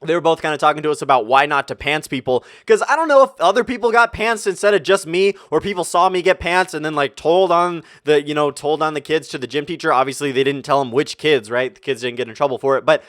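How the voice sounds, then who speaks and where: A man's voice: on the high side, quick pace, hardly any pauses, fairly bright tone, no echo, studio quality. A young man hosting a gaming channel, telling a profane, rambling storytime over gameplay commentary.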